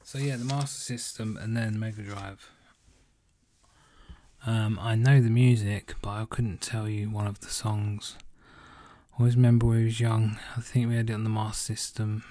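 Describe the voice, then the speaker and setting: A man's voice: lowish voice, level tone, normal speed, mellow, dry recording. A young man, a tired podcast host rambling casually and swearing as he answers listener questions. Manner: rambling, sweary, laid-back. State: yawning, tired. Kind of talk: casual solo podcast chat.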